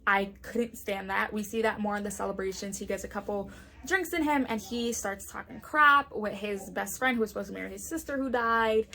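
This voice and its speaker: A woman's voice: medium pitch, a little fast, gravelly, bright, forceful tone. A young woman chatting casually in a book review vlog, often saying "like" and acting out the characters' lines. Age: young adult.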